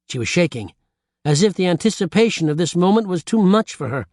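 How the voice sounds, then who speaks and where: A man narrating an audiobook with lively storytelling on a close studio mic. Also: high voice, fairly quick, no room sound.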